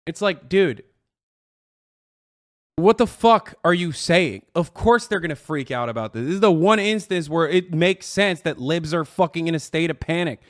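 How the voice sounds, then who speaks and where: A man's voice: fairly high pitch, expressive, moderate pace, no echo, clean studio sound. A man reacting to a clip, mocking it with sarcasm and constant swearing. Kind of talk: profane reaction commentary.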